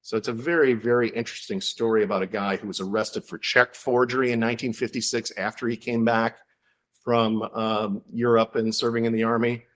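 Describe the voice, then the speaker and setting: A man's voice: mid-range voice, fairly bright tone. Enthusiastic man telling a story as a guest. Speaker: author guest. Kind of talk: casual chat.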